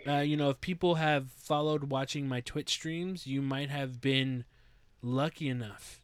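A man's voice: mid-range voice, steady tone, a little slow, smooth, no room sound. A man hosting a casual podcast, hyped and teasing in tone. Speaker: podcast host.

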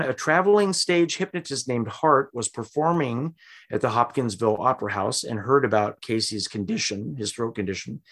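A man hosting a casual podcast, recounting a history and acting out quoted lines with lively, exaggerated voices. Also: medium pitch. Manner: animated, acts out quotes with big voices. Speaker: podcast host.

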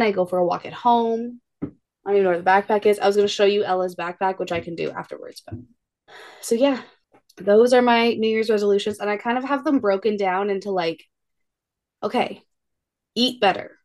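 A woman in her thirties talks in a casual podcast chat with a mid-range voice. She tells family stories in a lively way and jumps into higher voices when she quotes her children. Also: fairly quick. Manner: animated storyteller, acts out her kids' voices. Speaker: podcast co-host.

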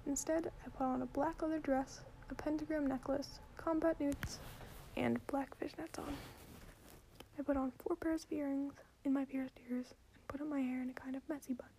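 A woman reading a story in a soft, deadpan whisper, in a whispered ASMR reading style. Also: high-pitched, normal speed, slight background noise.

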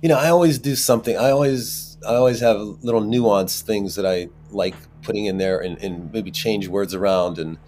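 A man with a fairly low voice talks about his acting work in a loose, rambling way. He restarts his sentences often and leans on fillers. His delivery turns animated as he warms up. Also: normal speed, hardly any pauses, faint music behind. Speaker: actor guest. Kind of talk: casual interview talk.

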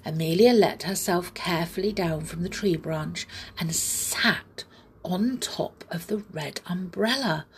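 A woman reads a children's storybook aloud. She is gentle and unhurried, taking her time over each sentence. Her voice is soft, breathy and a little husky, and now and then it sinks to a whisper. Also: lowish voice.

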